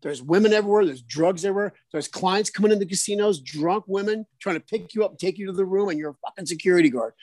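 A man's voice: high voice, fast talker, hardly any pauses, no echo. Profane, stammering man. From South Jersey. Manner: profane, animated, stammering restarts. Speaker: storyteller guest. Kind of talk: casual storytelling chat.

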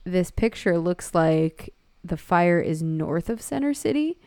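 A woman co-hosts a casual podcast, making sardonic, deadpan quips. Her voice is smooth and clear. She records on a cardioid mic at home, and the sound is dry and close. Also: lowish voice, unhurried, no echo. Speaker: podcast co-host. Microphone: cardioid studio mic at home.

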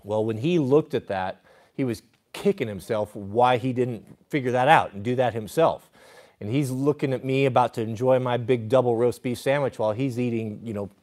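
A man's voice: medium pitch, normal speed, a little mellow. Rambling male livestream host. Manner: rambling, with restarts and acted quotes. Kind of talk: casual livestream storytelling.

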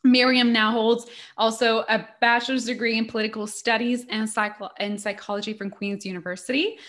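A woman's voice: on the high side, fairly even intonation, a little fast, fairly bright tone. A woman hosting a podcast, upbeat and enthusiastic, cheering her guests on in casual chat. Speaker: podcast host.

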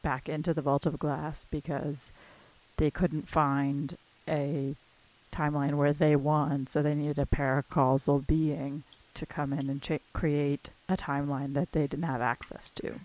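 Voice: mid-range voice, flat delivery, a little slow, a little mellow, low-quality recording. A podcast co-host in a casual chat, speaking thoughtfully and hesitating with fillers.

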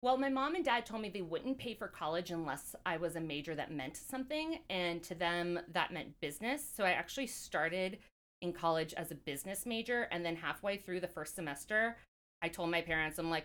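A woman from California with a voice on the lower side, talking casually as an interview guest. She rambles through her stories, leaning on lots of "like"s and "um"s. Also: lively intonation, fairly quick, fairly bright tone. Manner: chatty, rambling, many fillers and "like"s. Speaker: podcast guest.

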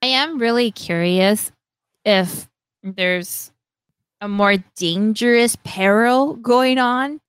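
A woman's voice: fairly high pitch, smooth, dry recording. A woman in casual chat as a podcast co-host, animatedly retelling a story and acting out the lines people say.

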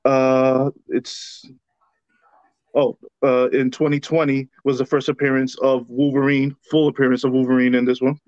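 A man's voice: mid-range voice, little pitch movement, moderate pace, darkish tone, no room sound. Chill guy on a podcast mic, dry dull sound, stumbles on names. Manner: laid-back, stumbles over names, chuckles. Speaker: podcast co-host presenting comics. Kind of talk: casual podcast chat.

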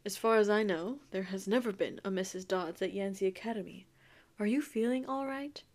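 A calm, gently concerned male teacher who speaks softly and evenly, as a woman retelling a book puts him on. His tone is measured and quiet. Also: medium pitch, lightly acted.

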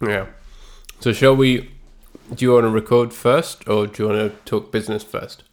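A man hosting and editing a podcast, chatting casually with dry, deadpan jokes. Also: lowish voice, moderate pace. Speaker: podcast host and editor. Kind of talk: casual chat.

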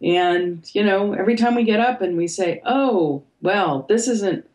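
An older woman, an author and podcast guest, talking reflectively and pausing with fillers as she thinks. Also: mid-range voice, poor audio. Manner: thoughtful, hesitant, with fillers and soft laughs. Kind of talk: reflective conversation.

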